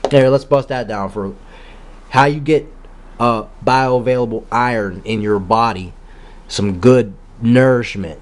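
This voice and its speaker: A man's voice: mid-range voice, unhurried, a little hiss or hum. A man giving a rambling metaphysical monologue, full of rhetorical questions and casual street slang. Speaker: spiritual vlogger.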